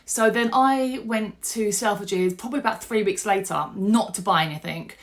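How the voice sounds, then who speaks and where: A middle-aged woman, telling a personal story to camera in a chatty, animated way. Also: mid-range voice, normal speed. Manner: animated, chatty, with fillers and restarts. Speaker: vlogger.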